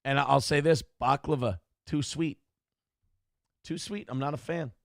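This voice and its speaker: A man's voice: medium pitch, steady tone, moderate pace, vocal fry, no room sound, clean studio sound. A man hosting a live-stream commentary show, talking in a sarcastic, profane, mocking way. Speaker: show host.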